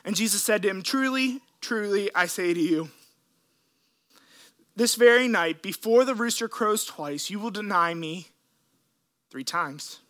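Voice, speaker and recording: A man preaching a sermon, retelling scripture in an earnest, emotional way with dramatic pauses. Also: high voice, a bit bright. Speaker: pastor.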